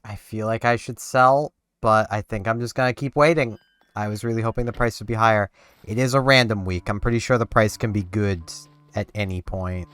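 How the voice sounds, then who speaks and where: Man, lowish voice, smooth and clear, casual rambling gameplay commentary, faint game music behind. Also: steady tone, brisk, fairly bright tone, no room sound. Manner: rambling, talks to himself and the game. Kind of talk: casual let's-play commentary.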